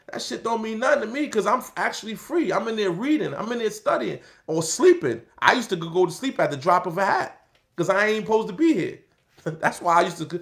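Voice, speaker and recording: A man's voice: sits high, sing-song, a little fast, vocal fry, fairly bright tone. A middle-aged man telling stories in casual street slang, acting out the voices of people he quotes. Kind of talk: casual storytelling talk.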